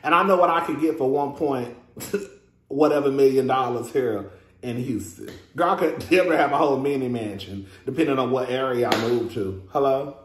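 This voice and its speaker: A man's voice: mid-range voice, normal speed, echoey room, a little hiss or hum. A man, hosting a casual review vlog in a sassy, chatty way, calling listeners "girl" and laughing often. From Texas. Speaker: reality TV reviewer, host.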